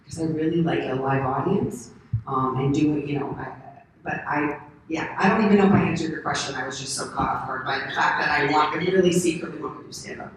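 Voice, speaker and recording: A woman in her thirties from the United States, a convention panel guest answering questions in a rambling, animated way and laughing often. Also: low-pitched, brisk. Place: large convention hall. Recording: echoey hall from far off, faint noise.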